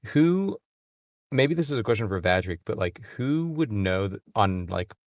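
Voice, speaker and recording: Deep voiced guy, player in a tabletop game, laughs a lot, dry close sound. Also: big pitch swings, normal speed, no echo.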